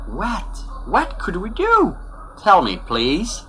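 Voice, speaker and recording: A man calling in with a question, speaking in animated, halting English with an accent. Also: sits high, a little hiss or hum. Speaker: caller.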